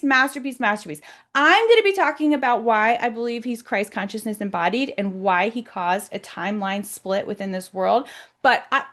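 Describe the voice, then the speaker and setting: An American woman talking casually to her viewers, excited and emphatic, often repeating words for stress. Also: a little high. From United States. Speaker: self-described psychic vlogger. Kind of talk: casual monologue to camera.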